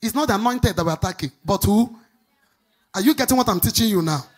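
A husky-voiced middle-aged woman preaches a sermon. She rises into loud, fast bursts and then drops into low, confiding asides. Her pitch sits in an ordinary middle range for a woman. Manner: animated preaching, swinging between shouts and low asides. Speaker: pastor.

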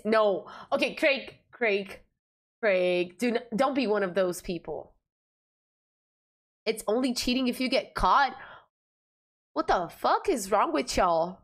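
Woman game streamer, casual and foul-mouthed, laughs a lot, mid pitch. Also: a bit bright. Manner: blunt, profane, laughs often. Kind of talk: casual game livestream commentary.

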